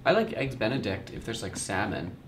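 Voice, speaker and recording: A man's voice: on the low side, big pitch swings, a little fast, echoey room, slight background noise. A man hosting, asking a drag queen questions in a chatty, curious way. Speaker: host. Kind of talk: casual interview chat.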